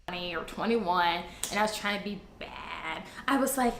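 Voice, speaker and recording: A woman's voice: fairly low pitch, normal speed, creaky, a bit bright. Chatty young woman telling a story, echoey. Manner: chatty, dramatic, swears freely. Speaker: storyteller in a clip. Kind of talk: casual storytelling. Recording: echoey room, faint noise.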